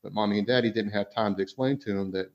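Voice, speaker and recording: A man's voice: on the low side, steady tone, fast talker. A man co-hosting a podcast in casual discussion, rambling along with lots of fillers and restarts. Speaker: podcast co-host. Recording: dull lo-fi sound.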